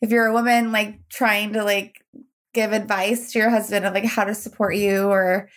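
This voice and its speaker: A woman's voice: medium pitch, flat delivery, normal speed, a bit bright. A woman co-hosting a podcast, chatting candidly with lots of fillers and trailing thoughts. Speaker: podcast co-host. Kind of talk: casual chat.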